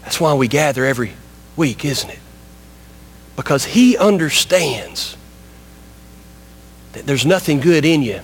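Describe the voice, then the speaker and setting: A man's voice: on the high side, big pitch swings, unhurried, pauses often, slightly rough. A man preaching in a church, emphatic and repetitive, speaking straight to his listeners as friends. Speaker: pastor. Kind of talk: sermon.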